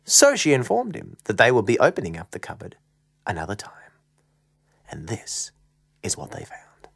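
A woman narrating a children's story, with dramatic pauses and dips into a whisper. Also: extremely low pitch, huge pitch swings, gravelly, breathy edge, no echo. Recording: soft guitar music behind.

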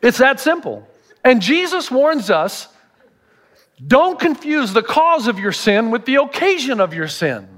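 Man, pastor, higher voice, middle-aged, humorous preaching, sermon style. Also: sing-song, a little slow, fairly bright tone.

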